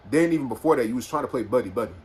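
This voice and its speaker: A man's voice: mid-range voice, rapid-fire, slightly rough. A young man, telling a personal story casually on a phone, rambling with lots of fillers. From Houston, Texas. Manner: rambling, filler-heavy, animated retelling. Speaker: vlogger.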